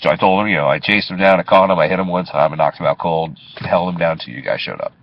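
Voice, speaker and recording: A man's voice: deep voice, fast talker. A man, a taxi driver, casually telling a story from inside his cab, swearing and chuckling as he goes. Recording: dull lo-fi recording.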